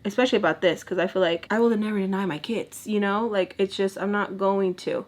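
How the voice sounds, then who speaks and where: A young woman vlogger telling a long personal story, chatty and animated, acting out the other people's lines and saying "like" a lot. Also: mid-range voice. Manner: lots of filler "like". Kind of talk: casual storytime while doing makeup.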